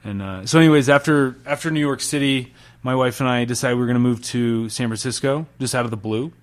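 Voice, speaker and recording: Man, chef, from utah, relaxed rambling storyteller, lots of ums, swears casually, mid pitch. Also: fast talker. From Salt Lake City, Utah. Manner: relaxed storytelling, many fillers, laughs and swears. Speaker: chef, podcast guest. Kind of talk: casual interview chat.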